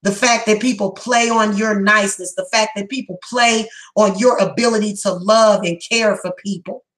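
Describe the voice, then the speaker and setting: A woman giving a psychic reading, speaking bluntly and emphatically, heated and repetitive, slowing down to stress her words. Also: mid-range voice, fairly even intonation, a bit bright, poor audio. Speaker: psychic reader. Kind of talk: tarot reading monologue.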